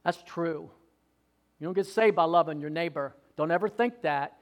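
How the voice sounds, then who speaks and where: High-voiced fervent male preacher. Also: normal speed, dull audio. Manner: fervent, swings from loud exhortation to quiet asides. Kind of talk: sermon.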